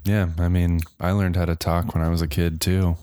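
A man co-hosting a comedy podcast, riffing in a deadpan, rambling way. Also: low-pitched, normal speed, smooth, no room sound, studio quality. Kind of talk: casual comedic banter.

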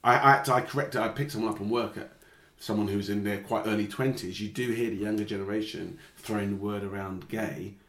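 A man co-hosting a casual podcast chat, talking reflectively with halting restarts. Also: on the low side, fairly even intonation, a bit bright. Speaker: podcast co-host. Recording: roomy echo.

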